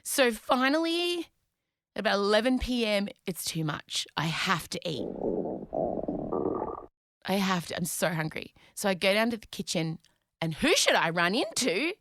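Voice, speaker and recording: A woman, hosting a podcast and retelling a story in an animated, dramatic way with some swearing. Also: mid-range voice, measured pace, pauses often, no room sound, clean studio sound. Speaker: podcast host. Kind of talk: comedic storytelling.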